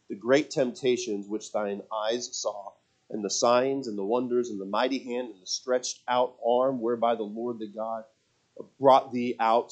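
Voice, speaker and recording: A man preaching a sermon, moving from quiet personal storytelling to loud, emphatic preaching and reading scripture aloud. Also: on the low side. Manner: reads scripture in King James wording. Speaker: pastor.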